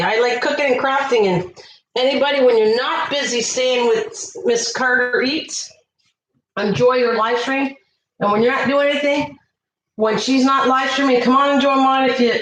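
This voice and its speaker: A woman hosting a casual cooking livestream, chatting away and warmly thanking viewers by name from her kitchen. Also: fairly high pitch, a little hiss or hum. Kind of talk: casual live-stream chat. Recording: echoey room.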